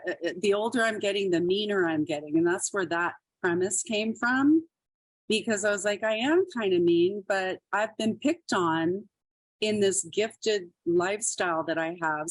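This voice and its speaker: A woman's voice: fairly low pitch, dry recording. A middle-aged woman comedian telling stories in a casual interview, laughing often and acting out quotes. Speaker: podcast guest, comedian.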